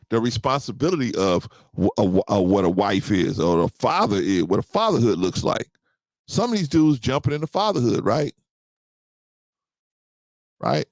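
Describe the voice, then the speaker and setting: A gravelly man of about fifty chats loosely with his listeners, and his pitch rises and falls a lot. He often circles back with "right?" and repeats his points. The sound is dry and close, with no room echo. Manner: conversational, repeats himself, often asks "right?". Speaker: podcast host. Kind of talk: casual talk to listeners.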